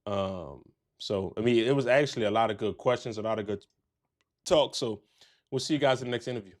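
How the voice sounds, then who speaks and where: A man's voice: fairly low pitch, a little fast. Slangy laid-back male interview host. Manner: loose, laughing, slangy banter. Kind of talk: casual streamed interview.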